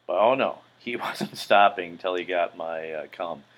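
A man's voice: sits low, a little slow, a bit bright, poor audio. A middle-aged man hosting a podcast, telling a long story in a rambling, profane way with lots of filler words. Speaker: podcast host. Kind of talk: casual storytelling monologue.

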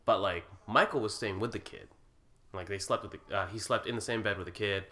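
A man's voice: fairly low pitch, steady tone, fairly quick, pushed and bright. A young man co-hosting a podcast, rambling in casual chat with lots of fillers and laughs. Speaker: podcast co-host.

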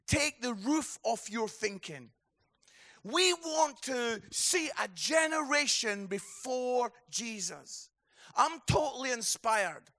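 Gravelly-voiced impassioned Scottish preacher. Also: male voice, extremely high pitch, expressive, takes it slowly, bright, forceful tone. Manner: impassioned, emphatic, repeats key phrases. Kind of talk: sermon.

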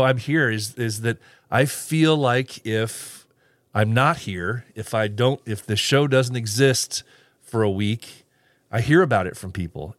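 A man's voice: mid-range voice, no room sound. A man hosting a casual solo podcast, rambling with restarts and little chuckles as he reads live comments. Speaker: podcast host.

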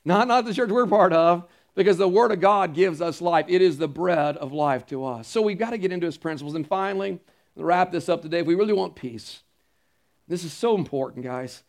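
High-voiced man preaching a sermon. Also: a little fast. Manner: earnest, emphatic preaching with repeated phrases; conversational asides to the congregation. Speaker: pastor.

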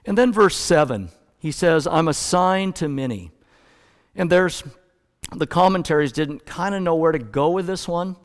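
A middle-aged male pastor preaching a sermon in a relaxed storytelling way, correcting himself now and then. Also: fairly high pitch, moderate pace. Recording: long hall reverb.

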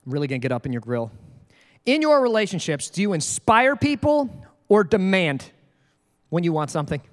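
A male pastor preaching a sermon in an animated, jokey way. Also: sits high, fairly quick, long reverb tail. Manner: animated, jokey, acts out quoted voices.

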